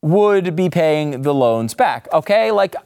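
A man's voice: fairly high pitch, expressive, slow pace, creaky, a little mellow, clear, resonant tone, dry recording, clean studio sound. A man hosting a commentary show, delivering a sarcastic monologue in reaction to news clips. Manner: sarcastic, incredulous, rising to exasperated outbursts. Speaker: commentary host.

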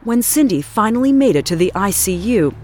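A woman giving measured, dramatic scripted narration for a true-crime program. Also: mid-range voice, very animated, a little mellow. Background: music.

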